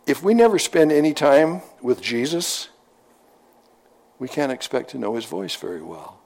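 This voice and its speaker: A man's voice: mid-range voice, sing-song, moderate pace, gravelly, a little mellow. A middle-aged man preaching a sermon in a folksy, conversational storytelling manner, often repeating his phrases.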